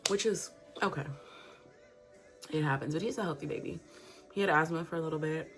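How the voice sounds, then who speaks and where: A woman's voice: low voice, a little fast, over music. A young woman vlogger, telling a story in casual, profane chat and acting out the quotes. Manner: candid and profane, acts out quotes.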